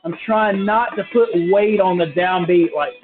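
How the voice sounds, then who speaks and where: A man giving a relaxed, casual drum lesson from a hotel room, explaining with fillers and restarts. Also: high-pitched, a little slow, phone-quality sound, over music. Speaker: drum teacher. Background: drum practice pad.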